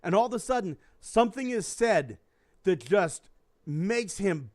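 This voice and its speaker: A man talks on a casual podcast, swearing freely as he rambles through a story and slips into quoted voices. His voice sits high and swings widely in pitch. The sound is dry and close, with no room around it. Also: big pitch swings, a little slow, darkish tone, no room sound. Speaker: podcast host. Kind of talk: casual chat.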